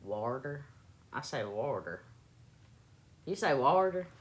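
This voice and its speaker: Low-voiced southern woman chatting on a livestream. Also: big pitch swings, takes it slowly. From South Carolina. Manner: laid-back, playful, repeats words to test her pronunciation. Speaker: livestream host. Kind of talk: casual chat with live chat.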